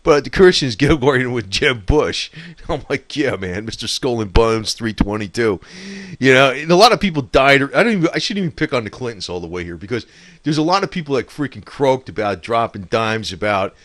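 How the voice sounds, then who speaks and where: A man's voice: medium pitch, sing-song, brisk, fairly bright tone, no echo. Brief: man, rambling profane monologue, dry close sound, scornful laughs. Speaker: political commentator.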